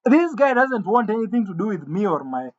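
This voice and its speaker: A man's voice: sits high, brisk. Man telling a comic gossip story, lo-fi. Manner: animated, with stammered restarts and sudden jumps into quoted voices. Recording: dull lo-fi sound.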